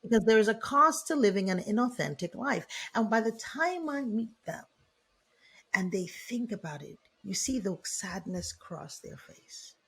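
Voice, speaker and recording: A woman guest and leadership coach on a podcast interview, talking in an animated, preacher-like way. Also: mid-range voice, measured pace, slightly rough.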